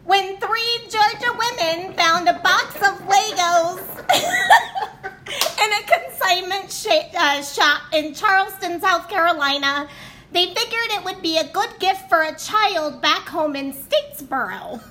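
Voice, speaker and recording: A woman's voice: very high-pitched, big pitch swings, slow, crowd noise, pitched above the performer's own voice, exaggerated voice. A woman reading a news story aloud in a put-on Dublin Irish accent, improvising it with giggles. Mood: playful reading. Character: woman putting on a mock Dublin newsreader accent.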